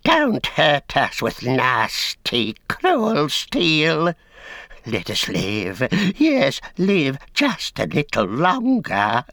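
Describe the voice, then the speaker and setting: A man voicing a wretched, treacherous male creature who whines, pleads and hisses in a high, stretched-out voice. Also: wildly swooping pitch, pushed and bright, dry recording, clean studio sound, full character voice. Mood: pleading. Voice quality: high, whining, hissing. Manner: pleading, drawn-out, speaks of himself as "us".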